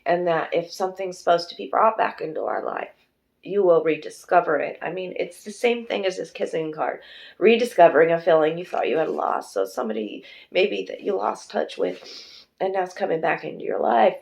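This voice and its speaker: A woman's voice: fairly low pitch, animated, a little fast, gravelly, a little mellow. A woman doing a pick-a-card tarot reading, chatty and emotional, who swears freely and speaks fondly to her viewers. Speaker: tarot reader.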